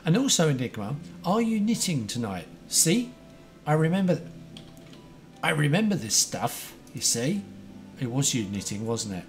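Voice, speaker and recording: An excitable, chatty man livestreaming a game, greeting viewers by name. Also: mid-range voice, moderate pace. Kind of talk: casual live-stream chat. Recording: faint music behind.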